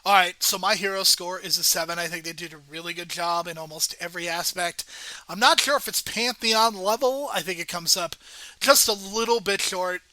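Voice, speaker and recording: A man co-hosting a movie review podcast, talking in a measured, analytical way as he scores films. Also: sits high, sharp tone, dry recording, rough recording. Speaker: podcast co-host. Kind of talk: casual movie review chat.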